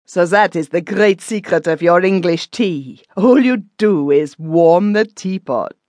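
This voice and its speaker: A woman's voice: fairly low pitch, a little slow, a little mellow, no room sound, lightly acted. A woman reading a boastful, self-important German official, a middle-aged man, in an audiobook. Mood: mocking.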